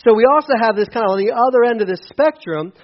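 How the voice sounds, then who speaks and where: A man preaching a casual sermon as pastor, conversational with self-deprecating asides and lively storytelling. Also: extremely high pitch, fast talker, muffled recording. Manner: conversational, self-deprecating asides, animated when telling stories.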